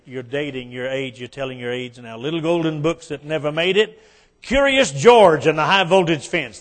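Appalachian man, folksy guest preacher, joking then fervent, slightly high voice. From West Virginia. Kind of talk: folksy sermon with jokes.

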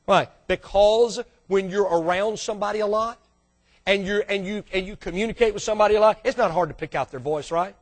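A man preaching a sermon as the church's pastor, swinging from loud bursts to hushed asides and calling out to the congregation. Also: high-pitched, a little fast. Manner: calls out to the congregation for response.

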